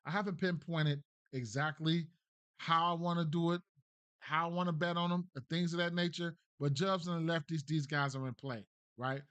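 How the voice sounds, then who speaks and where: A man's voice: a little high, steady tone, moderate pace, fairly bright tone, clear, resonant tone, no echo. Slangy man thinking aloud, dry close mic. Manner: loose, slangy, repeats "right?" often; thinks aloud, trails off and restarts. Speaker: sports betting host. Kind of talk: casual betting breakdown.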